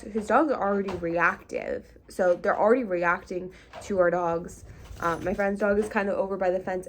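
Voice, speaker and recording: A woman's voice: mid-range voice, vocal fry, slight background noise. A young woman vlogger telling a casual storytime, chatty and full of likes and ums. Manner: chatty, lots of likes and ums, half-laughing.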